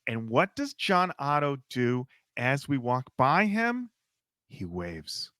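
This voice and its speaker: Guy on a podcast telling a story, super animated, bright voice, dry close sound. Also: fairly high pitch, slow pace, clear, resonant tone, no room sound. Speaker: podcast co-host. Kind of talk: casual chat.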